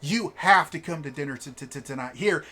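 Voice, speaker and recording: A game master voicing a chatty, fawning noble wife with a high, sing-song drawl. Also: fairly quick, pushed and bright. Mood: insistent. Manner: fawning, talks over her husband. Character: gushing, chatty noble wife who mothers strangers.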